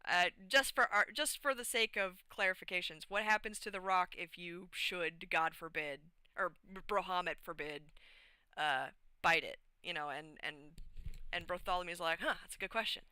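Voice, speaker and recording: Bright-voiced woman rambling through a story. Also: on the low side, moderate pace, clear, resonant tone, dry recording. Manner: animated, rambling, many fillers. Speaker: streamer. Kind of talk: casual storytelling of a tabletop game session. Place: home streaming setup.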